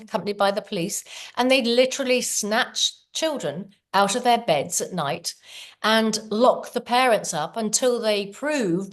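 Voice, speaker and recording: A middle-aged woman, a podcast guest, telling her story in an earnest, animated way. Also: medium pitch. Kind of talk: casual storytelling.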